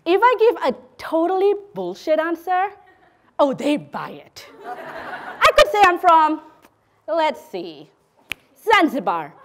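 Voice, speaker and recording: A young woman from Malaysia performing a spoken word monologue on stage, sarcastic and lively, growing quiet and solemn. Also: very high-pitched, slow pace, pauses often, background noise. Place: theater stage.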